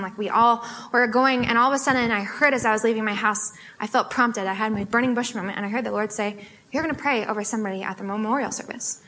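A young American woman giving a testimony sermon at a student fellowship, telling stories in an animated way with lots of filler words. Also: fairly high pitch. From United States. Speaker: guest speaker at a student fellowship.

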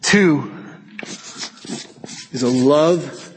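A middle-aged man preaching a sermon in a lively, joking way, slipping into put-on voices for effect. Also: very slow, in a large hall, a little hiss or hum. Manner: animated, jokey, puts on high panicky voices. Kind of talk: sermon with acted asides.

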